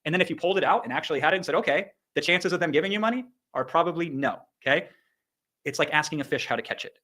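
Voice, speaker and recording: Fast-talking emphatic Iowa-raised man. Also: fairly high pitch, pushed and bright. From Iowa, USA. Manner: emphatic, punchy, drops profanity and sound effects. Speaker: online business coach speaking on a livestream. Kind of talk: energetic motivational livestream talk.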